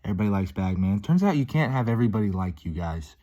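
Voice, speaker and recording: A man's voice: on the low side, very animated, fast, dark tone, highs cut off. A man talking casually to his viewers in a rambling, upbeat way, full of "dude", "um" and restarts. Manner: many "um"s and restarts. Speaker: vlogger. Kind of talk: casual monologue to camera.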